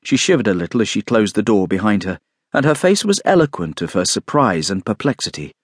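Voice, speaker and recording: A man narrating a classic novel in a measured, expressive storytelling voice. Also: fairly low pitch, slightly rough, no echo, studio quality. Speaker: audiobook narrator.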